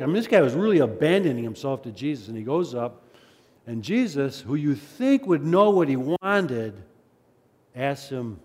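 A man's voice: medium pitch, normal speed. A man preaching a sermon who reads scripture aloud, acts out its cries, and talks through it in a conversational way. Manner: animated, acts out the crowd's and beggar's cries; conversational asides. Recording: long hall reverb.

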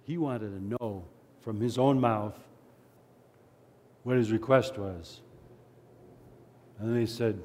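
A man's voice: on the low side, slow pace, pauses often. A man preaching a sermon who reads scripture aloud, acts out its cries, and talks through it in a conversational way. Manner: animated, acts out the crowd's and beggar's cries; conversational asides. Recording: long hall reverb.

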